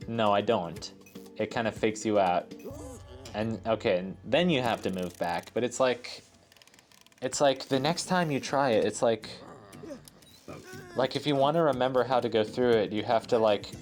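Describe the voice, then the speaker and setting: A man's voice: medium pitch, moderate pace, long pauses, faint music behind. A man casually commenting on a puzzle game as he plays, rambling through chatty asides full of filler words. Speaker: let's play host.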